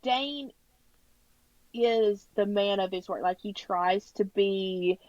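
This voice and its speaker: A woman's voice: medium pitch, slow, a little mellow, dry recording, muffled recording. A woman in her thirties co-hosting a podcast, chatting casually and bluntly about a book, with some swearing. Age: 30s. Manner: blunt and wry, swears for emphasis. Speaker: podcast co-host. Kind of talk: casual book recap chat.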